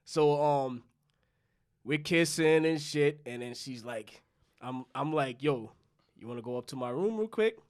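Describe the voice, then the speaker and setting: A young man from New York tells a long, loose story on a podcast, swearing freely and voicing both himself and the people in it. His pitch sits in the ordinary middle for a man. The talk is relaxed and rambling, among friends. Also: unhurried. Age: young adult. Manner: loose, profane storytelling, acting out both sides of dialogue. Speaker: podcast co-host. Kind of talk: casual storytelling chat.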